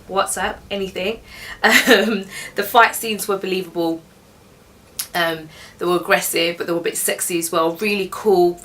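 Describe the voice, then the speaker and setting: A woman's voice: fairly low pitch, bright, forceful tone, distant mic. A young woman giving a casual, chatty, opinionated film review, laughing as she goes.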